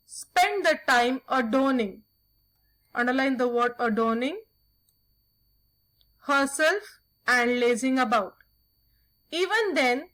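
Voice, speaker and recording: Slow-reading woman teacher. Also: sits high, a bit bright, rough recording. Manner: slow, careful reading with instructions. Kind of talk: reading a story aloud with vocabulary instructions.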